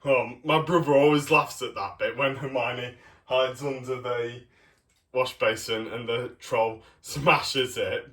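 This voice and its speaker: Young man, casual toy review, slow and hesitant with many ums, bright voice. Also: medium pitch.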